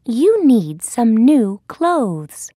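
A woman's voice: fairly high pitch, sing-song, extremely slow, mellow, no room sound, clean studio sound, pitched above the performer's own voice, heavily acted. A woman doing a bossy storybook mouse.

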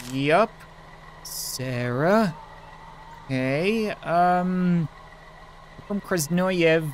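A man's voice: a little high, slight background noise. A man giving casual gameplay commentary, joking crudely and laughing often at his own lines. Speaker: gaming video host.

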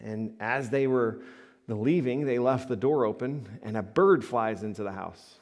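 A male pastor preaching and telling stories in a mid-pitched voice. His delivery is lively and swings from quiet, murmured asides to loud, rising peaks of emphasis. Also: measured pace. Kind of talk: sermon with storytelling.

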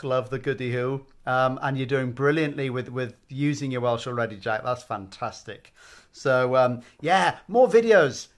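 A man hosting a casual language lesson, upbeat and encouraging, with frequent ums. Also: mid-range voice. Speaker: language teacher and host.

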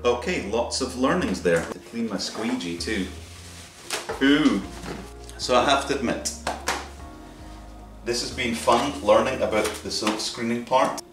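A man with a medium-pitched voice, talking a little slowly, describes his screen-printing in an easygoing, chatty style. He thinks out loud and makes playful noises along the way. The mic sits at a distance, so the room sounds open, and music plays behind him.

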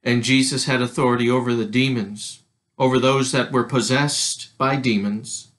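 A male pastor preaching a church sermon, reading scripture aloud in a measured way. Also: medium pitch, steady tone, a bit bright.

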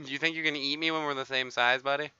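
A man giving excitable live gameplay commentary as a streamer, swearing and taunting other players. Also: a little high, moderate pace, clear, resonant tone, dry recording. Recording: dull lo-fi stream audio.

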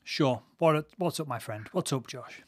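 Male podcast host, easygoing, casual; mid-pitched voice, dry close sound. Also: no echo. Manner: easygoing, quick affirmations. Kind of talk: casual interview chat. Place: podcast interview recording.

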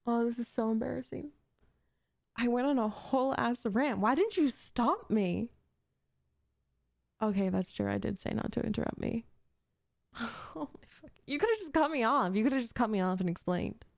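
A woman's voice: on the high side, animated, moderate pace, creaky, pauses often, no echo, clean studio sound. A young woman voicing a possessive, jealous gamer girl in an audio role-play, talking in a bossy, defensive, flustered way. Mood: embarrassed. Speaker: voice actress.

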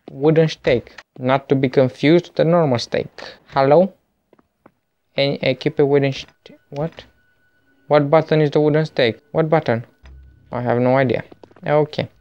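Excitable, jokey male gamer. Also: a little high. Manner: excitable, jokey, panicky outbursts. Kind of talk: let's play commentary.

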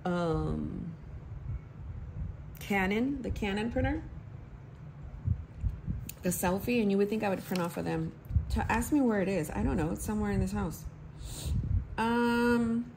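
Woman, 30s, laid-back planner vlogger, lowish creaky voice, noisy home recording. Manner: chatty, talks to herself while writing. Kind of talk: casual chatty planning vlog.

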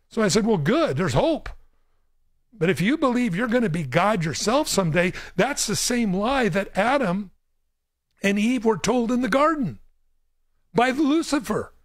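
A pastor who hosts a call-in Bible show speaks in a high voice from a radio studio, with studio-quality sound and no echo. He talks emphatically, repeating words to drive his point home.

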